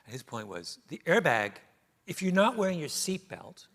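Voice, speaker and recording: A middle-aged man tells an onstage story with real animation, his pitch swooping up and down as he goes. He laughs his way through the punchlines and keeps the pace moving. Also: sing-song, moderate pace, fairly bright tone. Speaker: author guest. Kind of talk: onstage conversation. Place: theater stage before an audience.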